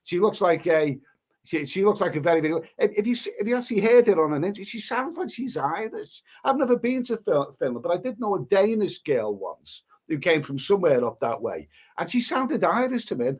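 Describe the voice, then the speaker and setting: A man's voice: high-pitched, very animated, brisk, darkish tone, husky. A man, hosting a live stream and rambling through crude commentary with many restarts. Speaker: livestream host.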